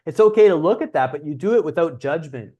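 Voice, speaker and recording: A man's voice: on the high side, animated, fast, warm tone, dull audio. A young man hosting a livestream, talking casually and bluntly as a dating coach, with frequent swearing. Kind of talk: livestream talk.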